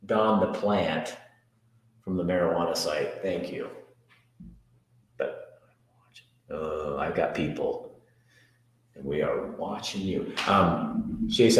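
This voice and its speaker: A man hosting a casual live chat show, reading viewer comments aloud and answering them in a joking, rambling, self-mocking way. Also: low voice. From Montana. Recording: very echoey room.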